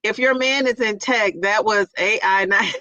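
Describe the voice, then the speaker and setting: A woman hosting a casual live chat stream, reading out viewer comments in a playful, excitable and teasing way. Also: mid-range voice, measured pace, no room sound, muffled recording.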